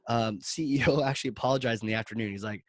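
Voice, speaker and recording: A man's voice: medium pitch, very fast, no echo. A man hosting a marketing podcast, telling a story in a casual, rambling way full of "like" fillers. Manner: rambling, animated, many "like" fillers.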